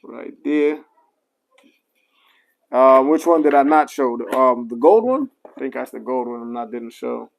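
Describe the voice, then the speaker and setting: A man's voice: mid-range voice, animated, measured pace, vocal fry, pauses often, low-quality recording. A man, a barber, chatting casually on a live stream and talking straight to his viewers, with many apologetic asides and fillers. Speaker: barber reviewing clippers.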